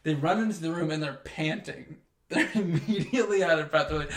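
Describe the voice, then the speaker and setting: A man co-hosting a movie review podcast, chatting casually and acting out scenes with animated quoted lines. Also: fairly high pitch, a little fast, echoey room. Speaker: podcast co-host.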